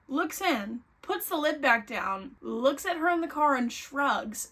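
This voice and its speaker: A young woman recaps a creepy novel in casual, excitable chat. Her voice sits a touch high, and she swears freely and scatters filler words as she gets worked up. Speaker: book reviewer.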